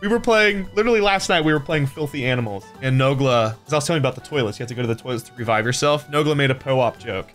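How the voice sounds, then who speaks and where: A man chatting casually while reacting to old gaming clips, telling stories in an animated way. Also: medium pitch, rapid-fire, hardly any pauses, soft background music. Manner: animated, laughing storyteller. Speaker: youtuber reacting to a compilation.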